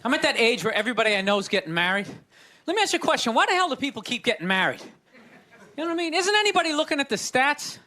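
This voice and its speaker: A man doing a sarcastic stand-up routine, ranting and shouting his punchlines to a club audience. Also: very high voice, sing-song, fast. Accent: Boston. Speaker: stand-up comedian. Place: comedy club stage with live audience. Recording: live club recording with crowd laughter and noise.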